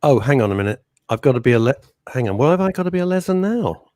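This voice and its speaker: Animated man co-hosting radio. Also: mid-range voice, fast talker, dry recording, clean studio sound. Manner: animated, jokey, teasing, swears mildly. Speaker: radio co-host. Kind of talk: casual radio banter. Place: radio studio. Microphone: studio microphone.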